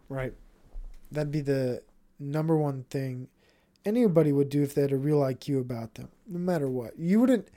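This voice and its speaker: A man rambles through a casual podcast monologue, blunt and profane, trailing off and restarting his thoughts. His voice sits a little higher than most men's. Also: warm tone. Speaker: podcast host.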